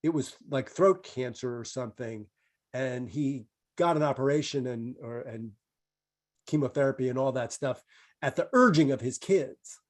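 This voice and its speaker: A man's voice: medium pitch, normal speed. A male comedian on a video call, chatting casually in a rambling, self-amused way with lots of fillers. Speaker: comedian guest. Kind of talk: casual chat.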